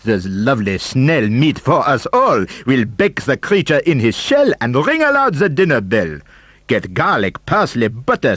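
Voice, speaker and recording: A man voicing a greedy mob of townsmen in a children's audiobook, shouting loud and excited. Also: fairly high pitch, slightly rough, no room sound, voice pushed up, exaggerated voice.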